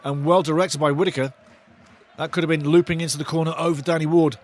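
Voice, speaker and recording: Chatty guy doing live footy commentary, excitable, voice sits a bit high. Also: fast. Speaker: fan commentator hosting a live match watch-along.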